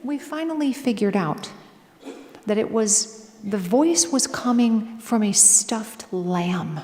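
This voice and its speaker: A woman with a Minnesota accent telling comic stories to an audience in a lively, animated way, often laughing through her lines. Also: mid-range voice, slow pace. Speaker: author speaking at a library event. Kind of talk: humorous live storytelling talk. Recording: reverberant hall with clear background noise.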